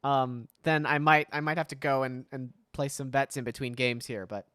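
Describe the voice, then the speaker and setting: A woman streamer reading a story game aloud with lively, chatty asides. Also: rumbling low, normal speed, hardly any pauses, no room sound, clean studio sound.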